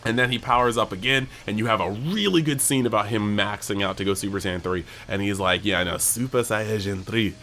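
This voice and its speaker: A man hosting a casual anime episode breakdown, talking excitably and peppering his speech with "like". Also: fairly low pitch, fairly quick, hardly any pauses, faint music behind. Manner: excitable, heavy use of "like". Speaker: anime channel host.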